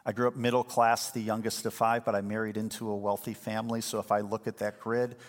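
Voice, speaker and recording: A man preaching a sermon as a pastor, telling the story with lively energy and acting out the voices of the people in it. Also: lowish voice, quick pace. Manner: lively storytelling, acts out quoted speakers. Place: church sanctuary. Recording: long hall reverb.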